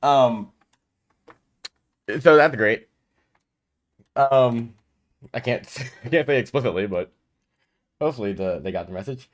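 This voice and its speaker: A man's voice: medium pitch, unhurried, pauses often, dull audio. A man hosting a streamed social deduction game as storyteller, chatting casually and laughing easily. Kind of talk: casual game-night chat.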